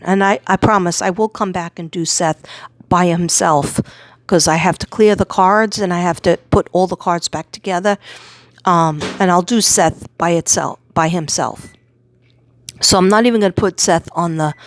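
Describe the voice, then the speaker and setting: A woman doing a psychic tarot reading, reading out card words in lists and retelling messages with animated energy. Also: fairly low pitch, no room sound.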